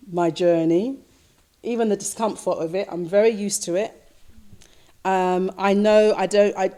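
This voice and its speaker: Mellow-voiced woman giving a reflective dharma talk. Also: on the low side. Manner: slow, reflective, repetitive storytelling with fillers. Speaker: Buddhist teacher. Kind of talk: dharma talk, recounting a dream.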